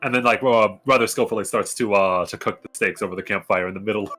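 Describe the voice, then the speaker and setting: A man's voice: lowish voice, fast, a bit bright, soft background music. A man describing his character's actions as a tabletop game player, hesitant with many fillers.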